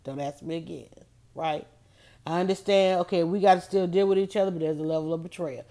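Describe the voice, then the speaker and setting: A woman's voice: fairly low pitch, steady tone, brisk, warm tone. A woman hosting a casual motivational talk, emphatic and preachy, repeating her points. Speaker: host.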